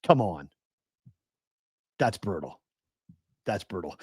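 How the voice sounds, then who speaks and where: A man's voice: sits low, sing-song, slow, a little mellow, breathy edge, no room sound, clean studio sound. A man in his forties hosting a sports talk show, ranting with exasperated rhetorical questions. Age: 40s. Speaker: sports betting show host. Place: West Coast.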